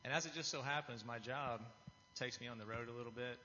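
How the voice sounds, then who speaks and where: A lay speaker offers an earnest, confessional church testimony, frequently restarting his phrases. His mid-range voice is fast and sharp with fairly even intonation. The hall recording sounds dull and reverberant, with a little hiss or hum.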